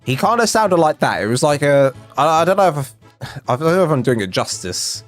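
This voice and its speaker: Dude rambling on a game stream, jokey, bit of music under him. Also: male voice, fairly high pitch, very animated, brisk. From England. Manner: rambling, self-deprecating, jokey, trails off and restarts. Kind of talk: casual live stream chat.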